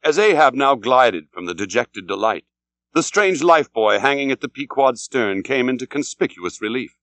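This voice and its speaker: A man narrating an audiobook in a solemn, dramatic, measured way. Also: mid-range voice, animated, fairly bright tone, dry recording.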